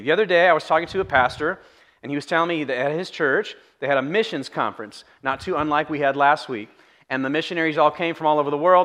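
A pastor with a fairly high, fairly bright voice gives a casual, humorous sermon in a church sanctuary. Speaking conversationally to his congregation, he acts out the people in his stories.

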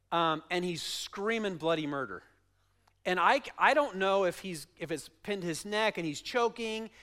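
A middle-aged male pastor preaching a sermon, telling stories with animated emphasis. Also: high voice.

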